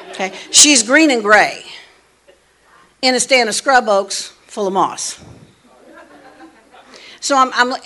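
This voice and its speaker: A woman casually telling a personal story, animated, dropping to hushed asides and rising to loud emphasis. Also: fairly high pitch. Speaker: storyteller sharing a personal testimony.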